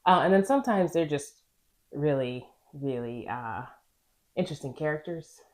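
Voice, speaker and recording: A young woman chats casually on a podcast about nursing life. Her voice sits low but swings up and down with energy. She laughs easily and raises her voice to act out what other people said. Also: expressive, moderate pace. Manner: laughs often, acts out quoted lines in a raised voice. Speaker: podcast co-host, nurse. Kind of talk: casual chat.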